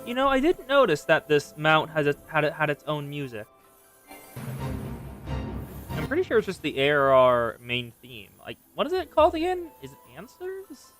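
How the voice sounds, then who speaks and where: Chatty male streamer, lively pitch. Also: normal speed, soft background music. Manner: chatty, rambling asides. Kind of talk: casual gameplay commentary.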